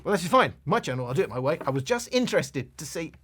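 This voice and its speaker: A man's voice: fairly high pitch, big pitch swings, quick pace, a bit bright, slight background noise. Chatty Cockney man reviewing gadgets. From England, London. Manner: chatty, digressive, blunt. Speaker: tech reviewer. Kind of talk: casual review talk.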